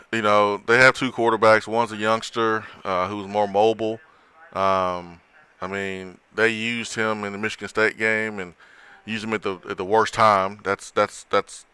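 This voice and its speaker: A man's voice: fairly low pitch, bright, forceful tone, clean tone, no room sound. A man hosting a casual sports talk show, chatting with a co-host, often repeating and restarting his words.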